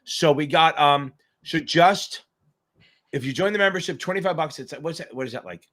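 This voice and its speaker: A male exam tutor hosts a live question-and-answer stream in a loose, joking way. He rambles and swears freely in a slightly high voice. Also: moderate pace, a bit bright. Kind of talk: casual live-stream chat.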